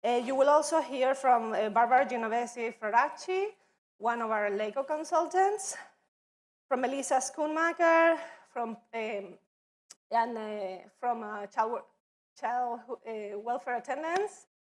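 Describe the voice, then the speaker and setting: A woman's voice: fairly high pitch, unhurried. A woman with a foreign accent opening a workshop for educators as its coordinator, speaking hesitantly with many fillers and restarts, in a training room. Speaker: immigrant relations coordinator. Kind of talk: workshop welcome and presentation. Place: training room with audience at tables.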